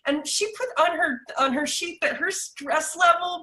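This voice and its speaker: Woman host with a high, bright, forceful voice; lively storyteller in a relaxed interview chat. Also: moderate pace. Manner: animated storyteller who acts out quotes. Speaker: podcast host and sound therapist.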